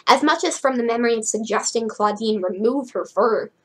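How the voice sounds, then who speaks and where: Husky-voiced young woman reading aloud. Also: poor audio. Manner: chatty, wry, quick to laugh at the book; voices characters' lines with raised pitch. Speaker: book reader and commentator. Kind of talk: reading a novel aloud with asides.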